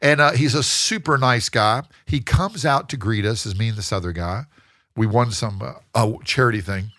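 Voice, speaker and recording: Lively man telling stories. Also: mid-range voice, moderate pace, no room sound, studio quality. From United States. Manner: animated storyteller, acts out quoted people. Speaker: guest, real estate investor. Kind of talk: casual interview storytelling.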